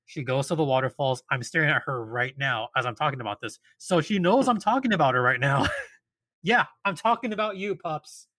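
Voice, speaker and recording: A man tells a story in a casual chat, his voice sitting a little high. He acts out quotes and grows exasperated as he goes. The sound is dry and close. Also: animated, fairly quick, bright, forceful tone, no echo.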